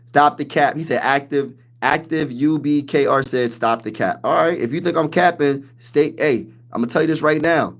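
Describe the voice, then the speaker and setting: A man's voice: a little high, normal speed, few pauses. Hyped man trash-talking football. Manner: hyped trash talk, reads chat aloud. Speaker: livestream host. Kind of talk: casual sports livestream chat.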